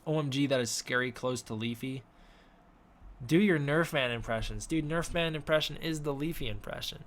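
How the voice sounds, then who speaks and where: A man's voice: medium pitch, normal speed. A young man casually answering chat questions on a live stream from his room, mumbling and unsure of himself. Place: home room with a snake tank.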